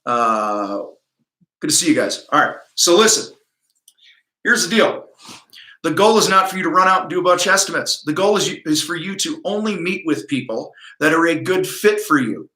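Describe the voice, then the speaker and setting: A man's voice: on the high side, lively intonation, normal speed, sharp tone, echoey room. A middle-aged man hosting a livestream coaching talk from his office, blunt, profane and pumped-up. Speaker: host. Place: home office.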